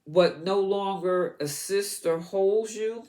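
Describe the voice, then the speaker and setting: Slow, encouraging tarot reader. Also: mid-range voice, dark tone. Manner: encouraging, repeats words while pulling cards. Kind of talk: astrology tarot reading to camera.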